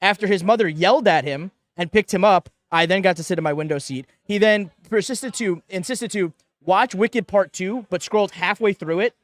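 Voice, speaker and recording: A man's voice: high voice, moderate pace, hardly any pauses, no room sound. Man telling a comic travel story. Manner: animated, comic anecdote with quoted asides and laughter. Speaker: panel guest. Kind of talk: casual storytelling on a live panel show.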